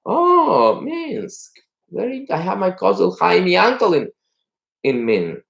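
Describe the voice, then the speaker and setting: A man voicing a fretful older male dinner host, exclaiming in a high, anxious way in a told joke. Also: very animated, normal speed, gravelly, full character voice. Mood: eager.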